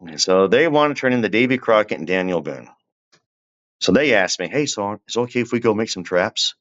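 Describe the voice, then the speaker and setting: A man, a guest telling a long story in a relaxed, conversational way and often turning to the listener with asides. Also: lowish voice, normal speed, highs cut off. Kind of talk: casual storytelling.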